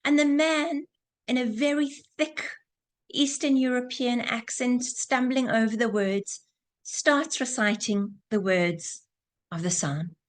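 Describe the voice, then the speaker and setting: Woman teaching an online class over video call, kinda high voice, earnest, repeats phrases for effect. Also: slow. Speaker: Torah teacher.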